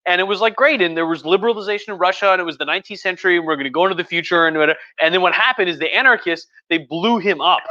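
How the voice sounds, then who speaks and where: A man's voice: high-pitched, rapid-fire, hardly any pauses, pushed and bright, no echo, muffled recording. A tipsy man, a history professor, rambling casually and profanely about history on a livestream. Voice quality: profane, rambling, lots of fillers. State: tipsy from wine.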